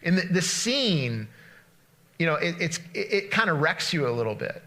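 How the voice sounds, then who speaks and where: A man preaching a casual, story-driven sermon in a bright, forceful voice pitched a little high. He talks in quick bursts and often restarts his phrases as he acts out the story. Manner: animated storytelling with frequent restarts. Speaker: pastor. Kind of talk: conversational sermon, retelling a story.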